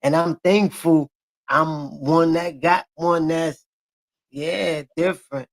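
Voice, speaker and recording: A man's voice: a little high, fairly even intonation, slow. A man in his forties in loose, profane, boastful casual banter. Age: 40s. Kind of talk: casual chat.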